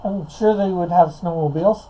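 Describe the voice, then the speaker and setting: A man's voice: high voice, a little fast, noisy background. A man on a remote call in a casual live stream, reading out his story notes hesitantly and chatting. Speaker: comic writer.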